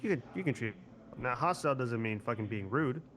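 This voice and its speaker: A man's voice: mid-range voice, animated, brisk, fairly bright tone, a little hiss or hum. A man streaming a roleplay game who rambles, swears casually and piles up fillers while trying for an Italian accent. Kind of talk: casual in-character game chat.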